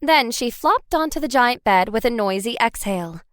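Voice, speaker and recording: Woman audiobook narrator, first-person novel, fairly high voice, lively pitch, dry close sound. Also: moderate pace, no echo.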